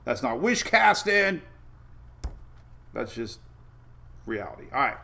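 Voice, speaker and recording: A man's voice: mid-range voice, sing-song, slow, creaky, pushed and bright. A man hosting a casual weather livestream, rambling through maps with many fillers and restarts and greeting viewers by name. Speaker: weather show host.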